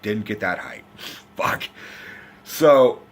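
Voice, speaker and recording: A man from the United States giving a loud, profane, rambling movie review in a casual rant. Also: on the low side, animated, very slow. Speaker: film reviewer.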